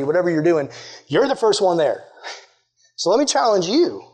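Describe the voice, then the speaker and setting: Young man, youth sermon, high-pitched, earnest, conversational, fillers, questions to the audience. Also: darkish tone, breathy edge. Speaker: youth pastor.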